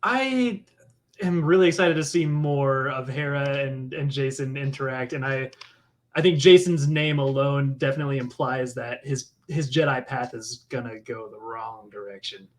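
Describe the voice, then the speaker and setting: A man's voice: medium pitch, moderate pace. Hesitant male podcast guest. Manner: hesitant, restarts often. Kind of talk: casual chat.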